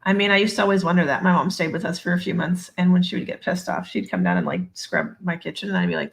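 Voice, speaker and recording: A woman's voice: on the low side, lively intonation, quick pace, creaky, few pauses. A woman in casual chat, playful and joking, chiming in often. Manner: playful, laughs often, jokes and chimes in.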